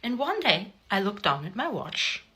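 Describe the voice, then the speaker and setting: A young woman casually telling a personal story to camera, chatty and animated, often asking "right?". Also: mid-range voice, normal speed.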